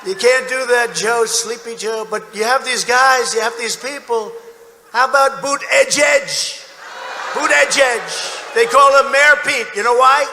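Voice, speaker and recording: A man's voice: extremely high pitch, moderate pace, few pauses, bright, forceful tone. A man giving a boastful, repetitive campaign rally speech with mocking asides in a large indoor arena. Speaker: political candidate speaking at a rally. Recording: echoey arena, crowd noise. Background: cheering crowd.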